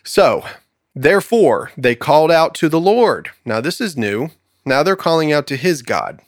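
Male co-host, lively Bible storyteller, dry close sound. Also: medium pitch, moderate pace, no echo. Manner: animated storyteller, acts out voices in quotes with laughs. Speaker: podcast co-host teaching scripture. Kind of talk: conversational Bible study, reading scripture aloud.

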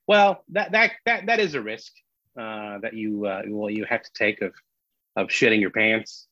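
A man, a comedian, telling a story in casual podcast chat, animated and full of restarts. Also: fairly low pitch, moderate pace, no room sound. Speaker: comedian guest. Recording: dull lo-fi dry sound.

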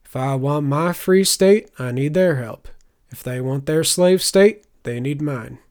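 A man plays a worn-out bandit leader who explains things plainly and bluntly. The delivery is dry and unhurried, without any fuss. It is part of a fantasy audiobook. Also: on the high side, darkish tone. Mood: matter-of-fact.

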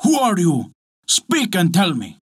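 A man voicing a big shaggy bear in a folk tale, asking gruff, demanding questions. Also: sits high, wildly swooping pitch, unhurried, dry recording, studio quality, full character voice.

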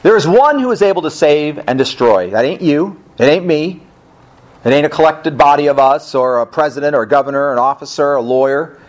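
Animated male pastor preaching. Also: fairly high pitch, brisk. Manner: emphatic preaching with rhetorical questions and casual asides. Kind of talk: sermon. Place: church service.

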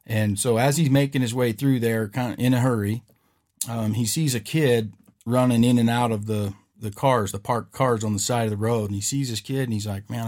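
A man's voice: medium pitch, a little mellow. A man hosting a podcast, telling a story in a rambling, casual way and often checking in with "right?". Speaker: podcast host.

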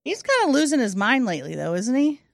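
A woman's voice: high voice, creaky, no echo, studio quality. A woman co-hosting a comedy podcast, chatting loosely and giggling often. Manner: lively, giggly, slow drawl. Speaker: podcast co-host. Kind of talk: casual comedic chat.

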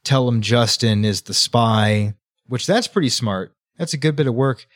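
Man, mid-pitched voice, lively retelling, book podcast chat, dry close sound. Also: moderate pace, dry recording. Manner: animated retelling, acts out the characters' lines. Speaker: podcast co-host. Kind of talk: casual book-club chat, recapping the plot.

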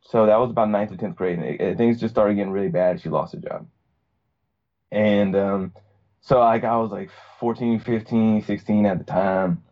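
A man's voice: on the low side, steady tone, normal speed, dull audio. A young man from Virginia telling a personal story in a casual, rambling way, full of fillers and restarts. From Virginia, USA. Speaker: podcast guest.

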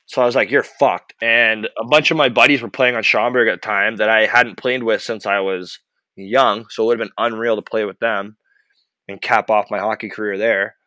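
A young man telling an animated, profane story about his hockey days in casual chat. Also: lowish voice, moderate pace, no room sound. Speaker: podcast host, former hockey goalie.

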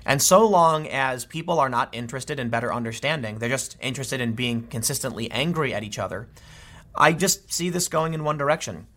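A man's voice: medium pitch, fairly quick, a bit bright. A man giving casual political commentary, exasperated and ranting, with frequent restarts.

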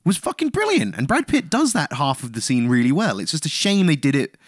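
A man's voice: a little high, huge pitch swings, a little fast, dry recording, clean studio sound. A man co-hosting a film podcast, swearing often and restarting his sentences as he rants. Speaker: podcast co-host. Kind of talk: casual film review chat.

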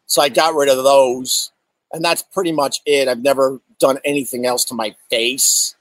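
A middle-aged man, a comedian, telling casual stories outdoors in an animated, profane way and answering viewer chat. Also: mid-range voice, normal speed, no room sound, poor audio. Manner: animated, profane, acts out exaggerated quotes. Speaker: comedian host. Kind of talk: casual storytelling monologue. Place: outdoors in bright sun.

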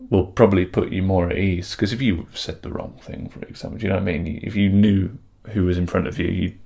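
A man with a very low, deep voice, chatting in a relaxed and upbeat way as a podcast co-host. He talks casually about auditions and laughs easily. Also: quick pace, gravelly. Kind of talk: casual chat.

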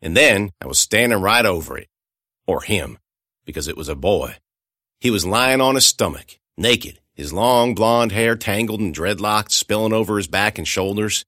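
Male storyteller, dramatic first-person horror narration, bright tone, dry close sound. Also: lowish voice, normal speed, no echo. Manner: expressive, shouting out the dialogue, hushed for quiet moments.

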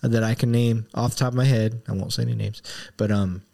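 A man's voice: fairly low pitch, steady tone, fast talker, gravelly, dark tone. A man in his thirties hosting a podcast, talking candidly and a bit rambling in a casual conversation. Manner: candid, rambling, emotional at times. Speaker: podcast host.

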